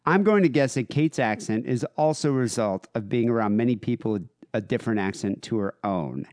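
A man's voice: mid-range voice, fairly quick, dry recording, clean studio sound. A man co-hosting a casual podcast, reading listener emails aloud. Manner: reads emails aloud with lively, shifting delivery. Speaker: podcast co-host.

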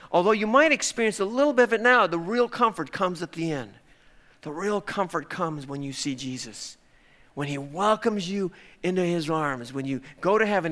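A middle-aged man preaching with a high, bright voice. He is animated, dropping into quiet, earnest stretches and then climbing into loud exclamations. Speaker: pastor. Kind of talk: sermon.

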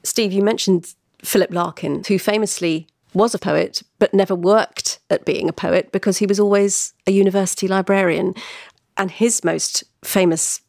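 A woman interviewer with a gravelly, creaky edge puts measured, prepared questions to her guest. She sounds close and dry, with no room echo around her. Her delivery is steady and considered. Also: medium pitch. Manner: measured, prepared, reading from notes.

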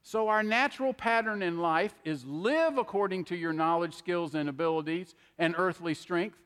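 Preacher, middle-aged man, high tenor voice, chatty sermon style, handheld mic, long church reverb. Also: moderate pace, a bit bright, smooth. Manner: conversational preaching with frequent "okay?" asides. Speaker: pastor. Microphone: handheld microphone.

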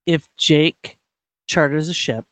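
High-voiced campy man chatting. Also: slow, no room sound. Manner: campy, emphatic, swears freely. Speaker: co-host. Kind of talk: casual chat.

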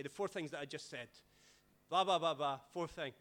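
Man, pastor, lively sermon storyteller, pitched a bit high. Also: normal speed. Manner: animated, dramatic swings in loudness.

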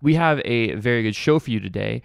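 A man's voice: mid-range voice, expressive, a little fast, gravelly, clean tone, no room sound, clean studio sound. A man hosting a podcast, talking in a wry, casual way with plenty of fillers. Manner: wry, chatty, lots of fillers. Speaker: podcast host.

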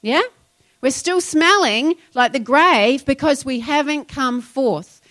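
A woman's voice: high-pitched, fairly bright tone. A woman pastor, preaching a sermon in a conversational way and retelling scripture with asides.

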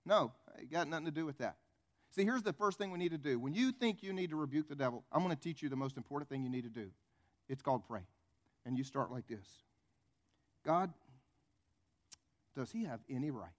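High-voiced preacher. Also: male voice, expressive, fast talker. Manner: conversational, rhetorical questions, acted-out stories. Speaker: pastor. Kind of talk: sermon.

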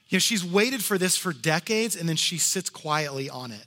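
A man preaching a sermon as pastor, talking in a conversational way and dropping to soft hushed tones for emphasis. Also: on the high side, expressive, normal speed, few pauses, long reverb tail. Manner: conversational asides.

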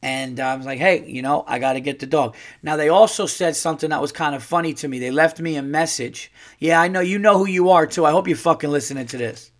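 A man's voice: a little high, quick pace, few pauses. A man hosting a podcast who tells a story in a casual monologue, ranting and swearing as he gets fired up. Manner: profane, animated ranting. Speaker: podcast host.

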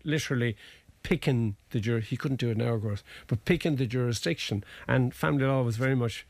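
A man's voice: medium pitch, fairly quick, vocal fry, a little mellow, no echo. Irish man explaining law, rambling. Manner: rambling, restarts, folksy asides. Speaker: family lawyer guest. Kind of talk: conversational legal explanation.

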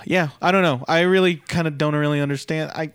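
A man's voice: a little high, steady tone, quick pace, a bit bright, clear, resonant tone, dry recording. Rambling man sharing wrestling opinions, dry. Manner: rambling, hedging, restarts a lot when he gives opinions. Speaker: wrestling podcast co-host. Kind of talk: casual opinion chat.

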